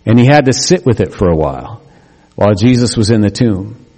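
Pastor preaching in an echoey hall. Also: male voice, fairly low pitch, darkish tone. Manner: conversational and humorous, with quick asides. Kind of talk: sermon. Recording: echoey hall with long reverb.

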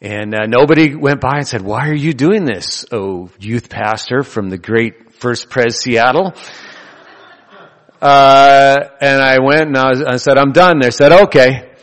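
A man's voice: mid-range voice, a little slow, big-room sound. A man preaching a sermon in a loose, conversational way, joking and laughing between his points. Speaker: pastor.

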